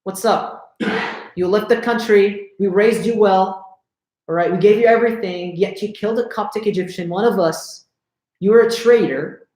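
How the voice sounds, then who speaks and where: A man's voice: high-pitched, moderate pace, darkish tone, reverberant, close to an everyday voice. A man voicing an arrogant male tyrant king who mocks and accuses, in a retold story. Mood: accusing. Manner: scornful, mocking.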